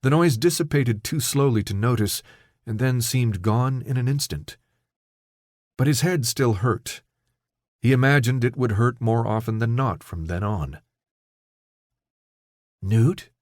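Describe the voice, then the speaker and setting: A man reading an audiobook in a steady, measured storytelling voice, recorded on a close studio mic. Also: mid-range voice, no echo. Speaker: audiobook narrator. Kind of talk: scripted audiobook narration.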